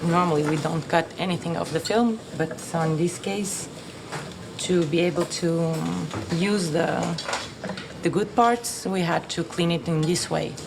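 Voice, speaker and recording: A woman explains restoration work carefully, with frequent fillers. Her low voice carries a gravelly fry. Clear room noise runs behind her. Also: unhurried. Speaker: film restoration technician. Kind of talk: explaining to camera.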